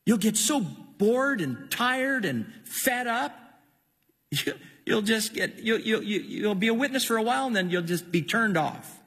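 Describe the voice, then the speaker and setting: Male preacher, husky voice with a lot of rasp, lively and rising pitch, sermon in an echoing hall with long reverb. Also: a little slow. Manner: impassioned, emphatic preaching with repeated words.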